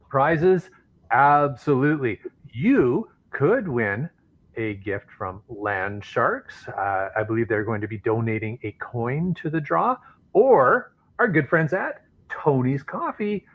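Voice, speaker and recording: Male podcast co-host, mid pitch, playful banter with mock-hype reads, slightly muffled audio. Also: animated, slow pace. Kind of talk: casual podcast chat.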